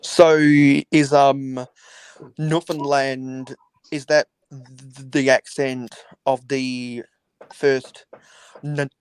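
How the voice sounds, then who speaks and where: A man chatting casually on a livestream, measured and halting, often restarting mid-phrase. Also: mid-range voice, little pitch movement, smooth, no echo. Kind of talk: casual chat.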